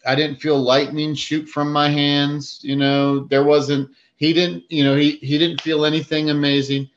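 A man's voice: a little high, level tone, measured pace, dull audio, a little hiss or hum. A man who preaches, telling a story in a casual faith chat, acting out his own thoughts with many fillers.

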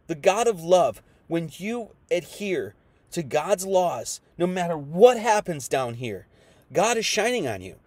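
High-voiced man preaching a sermon. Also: big pitch swings, unhurried, dry recording. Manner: reads scripture aloud, then explains it in casual slang; swings between hushed reading and loud emphatic preaching.

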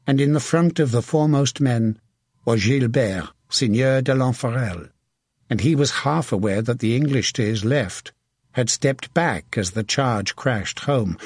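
A man reading a historical battle story as a steady, vivid audiobook narrator. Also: medium pitch, slightly rough, no room sound, studio quality.

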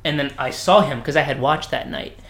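A man casually telling stories about his Navy service, acting out the people he quotes with lively voice changes, swearing and laughing often. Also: a little high, a little fast, slight background noise. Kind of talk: casual storytelling chat. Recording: echoey room.

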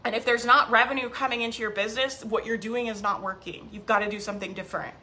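A woman's voice: fairly high pitch, fairly even intonation, fast talker, sharp tone. A woman coaching business owners on a live stream, upbeat and emphatic, repeating key phrases and reading viewer comments aloud.

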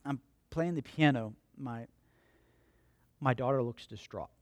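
A male pastor preaching a sermon. He repeats lines for emphasis, asks questions and answers them himself, and moves between loud emphatic peaks and quiet storytelling. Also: medium pitch, unhurried, no room sound.

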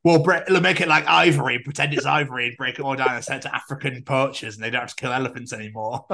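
A man's voice: mid-range voice, fast talker, vocal fry. A man co-hosting a podcast, joking and swearing in casual chat, with frequent laughs. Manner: sweary, jokey, lively, bursts of laughter. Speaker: podcast co-host.

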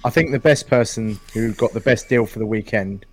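A man telling jokey, animated asides in a casual podcast chat. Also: fairly low pitch, brisk, dry recording.

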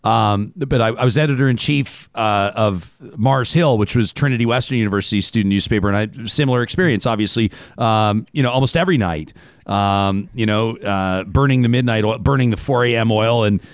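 A man in his forties hosting a radio talk show, chatting casually with many halting restarts. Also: on the low side, no room sound. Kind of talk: casual radio interview chat.

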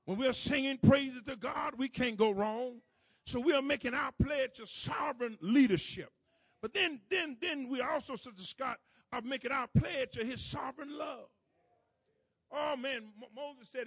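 A very high-pitched man with a husky edge preaches a sermon in a church. He talks in repeated rhythmic phrases, calling on the congregation to answer and climbing into shouts. The sound is dry and close. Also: moderate pace, no echo. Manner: repetitive call-and-response preaching, building to shouts.

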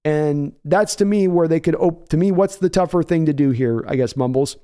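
A man hosting a casual live stream, reading viewer messages aloud and thinking out loud with frequent restarts. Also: on the high side, moderate pace, clean tone. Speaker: host of a fan sports livestream.

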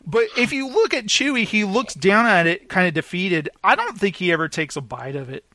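A man's voice: high-pitched, expressive, fairly quick, pushed and bright, dry recording. A man in casual film discussion, animatedly retelling scenes and briefly acting them out.

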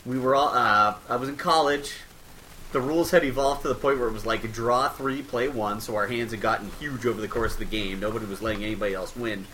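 A man co-hosting a casual chat about board games, explaining rules quickly and laughing often. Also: medium pitch, fairly even intonation, pushed and bright, slight background noise, low-quality recording. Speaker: podcast co-host.

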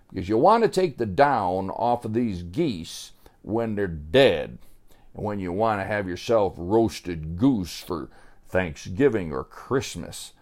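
A man telling a story to children in a playful, animated way, sometimes imitating animal sounds. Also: on the low side, slow.

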